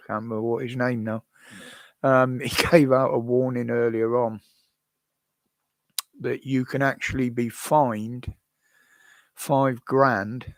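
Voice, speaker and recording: An older man with a British accent chats casually with viewers from home. He rambles from one topic to the next and chuckles often. His voice sits at an average pitch, recorded dry on a close desk microphone. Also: no room sound. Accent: British English. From United Kingdom. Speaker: live-stream host. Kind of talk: casual chat answering viewers.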